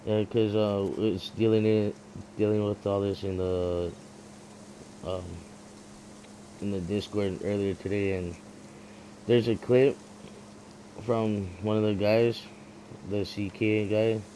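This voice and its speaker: A man's voice: on the low side, little pitch movement, slow, pauses often, warm tone, slight background noise, low-quality recording. A man in casual chat with friends, laid-back and agreeing. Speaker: gamer.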